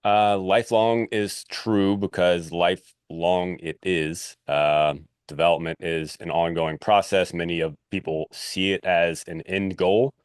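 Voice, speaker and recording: A man's voice: low-pitched, steady tone, a little slow, few pauses, clear, resonant tone, no room sound, studio quality. A man hosting a podcast who asks questions and shares his own views in a loose, thinking-aloud way. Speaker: podcast host. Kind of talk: casual interview chat.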